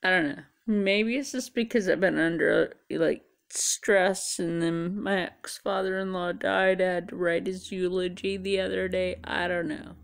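A woman's voice: on the low side, fairly even intonation, unhurried, vocal fry, hardly any pauses. A tired middle-aged woman chatting casually to camera, rambling and musing aloud. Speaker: vlogger. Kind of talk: casual chat.

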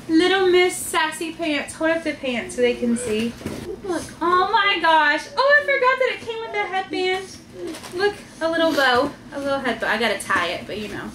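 A woman hosting a casual family unboxing vlog, gushing and excitable, often laughing as she reads cards aloud. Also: very high voice. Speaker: vlog host and mother. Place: family home with kids playing. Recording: echoey room with loud household noise.

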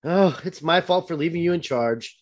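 A man's voice: a little high, normal speed, close to an everyday voice. A man voicing a smug, bossy boy who talks down to his friend. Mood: condescending. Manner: condescending.

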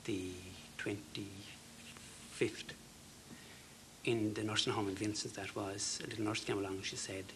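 An Irish man in his fifties, a talk show guest, telling a personal story in an earnest, halting way. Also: fairly low pitch, flat delivery, a little hiss or hum. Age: 50s. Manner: earnest, halting, with fillers and soft dropped phrases.

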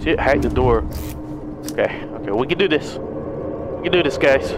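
A young man giving let's play commentary, excitable and panicky, swearing and laughing often. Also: fairly high pitch, a little slow, pauses often, background noise. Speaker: gaming YouTuber. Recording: game music playing behind.

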